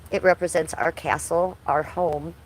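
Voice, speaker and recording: A woman's voice: deep voice, fairly even intonation, measured pace, slight background noise, low-quality recording. A woman in her forties hosting a casual livestream from home, chatting bluntly and crudely while reading chat aloud. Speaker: livestream host.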